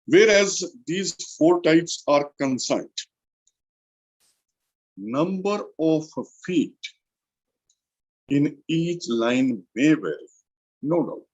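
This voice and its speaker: A male college lecturer from India with an Indian English accent, slowly explaining a literature lesson and repeating key terms for emphasis. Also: on the high side, animated, muffled recording.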